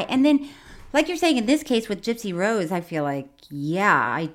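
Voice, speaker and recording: A woman co-hosting a casual chat podcast, talking in a drawn-out, emphatic way. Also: medium pitch, lively intonation.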